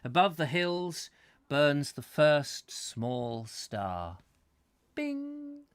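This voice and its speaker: A man hosting a live book reading, going through the text in measured tones and adding wry asides of his own. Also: medium pitch, big pitch swings, clear, resonant tone, no room sound. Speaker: host reading a book aloud.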